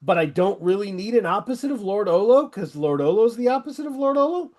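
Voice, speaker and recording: Middle-aged man, podcast host, higher voice, eager casual chatter. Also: animated, fast talker, a little mellow. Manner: enthusiastic, rambling recommendations. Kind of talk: casual interview chat.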